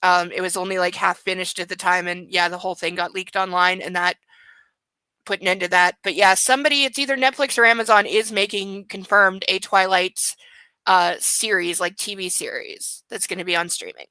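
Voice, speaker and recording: A woman's voice: fairly low pitch, steady tone, brisk, sharp tone, clear, resonant tone, no echo, poor audio. A woman hosting a book club podcast, reading aloud and giving sarcastic, rambling commentary. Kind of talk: casual chat and reading aloud.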